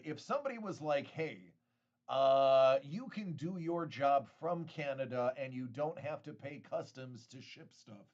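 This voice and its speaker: A man's voice: medium pitch, highs cut off. A man hosting a casual live stream, chatting and joking with viewers, often laughing and restarting his sentences. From United States. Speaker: host of a card-collecting live stream.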